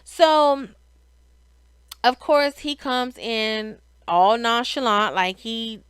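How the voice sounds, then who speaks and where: Middle-aged woman hosting a recap, slow unhurried delivery and a smooth, clean voice; chatty and opinionated, dry close sound. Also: fairly high pitch, a bit bright, no room sound. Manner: chatty, opinionated, frequent sighs and restarts. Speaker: reality show recap host. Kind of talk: casual recap commentary.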